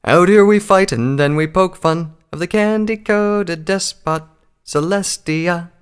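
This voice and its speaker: A man voicing a young female pony soldier who eagerly prods and taunts her comrades, pitched high and loud, in an audiobook. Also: sing-song, quick pace. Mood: mocking sing-song. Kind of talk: audiobook character voice.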